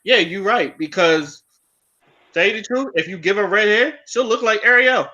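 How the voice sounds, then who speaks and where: A man co-hosting a podcast in casual chat, talking fast with hesitant ums. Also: high-pitched, pushed and bright, lo-fi sound. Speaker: podcast co-host.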